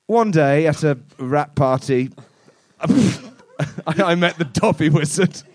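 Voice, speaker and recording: A man telling a crude improvised comic story at a live show, deadpan and often laughing. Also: on the high side, takes it slowly, no echo.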